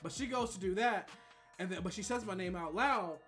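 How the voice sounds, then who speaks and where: A man streamer telling a funny story in a casual, animated way, with frequent laughter and swearing. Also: sits high, a little fast, faint music behind.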